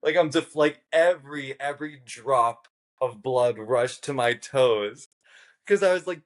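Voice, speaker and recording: Animated, foul-mouthed man telling a story. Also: medium pitch, measured pace. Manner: animated, swears freely, acts out quotes. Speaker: podcast guest, game show contestant. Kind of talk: casual storytelling.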